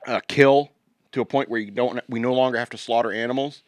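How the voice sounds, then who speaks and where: A man's voice: medium pitch, fairly even intonation, brisk, dry recording, studio quality. A man co-hosting a podcast in casual banter, rambling and joking, often trailing off and restarting. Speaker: podcast co-host.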